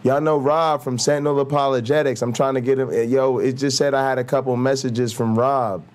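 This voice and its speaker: A man's voice: medium pitch, fairly even intonation, brisk. A man hosting a livestream, joking and talking straight to his chat in casual slang. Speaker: livestream host.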